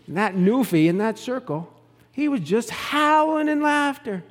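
A man's voice: in a large hall, full character voice. A man putting on a jolly Newfoundland yarn-spinner. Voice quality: high, loud, animated telling with drawn-out words. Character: jovial male Newfoundland joke-teller, folksy storyteller.

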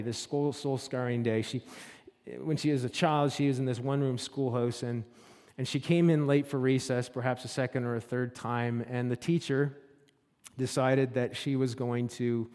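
A man's voice: mid-range voice, steady tone, moderate pace, darkish tone. A man preaching a sermon, telling a story with repeated words and restarts. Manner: storytelling that builds to impassioned climax with frequent repetitions. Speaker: pastor. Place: church sanctuary. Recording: long hall reverb.

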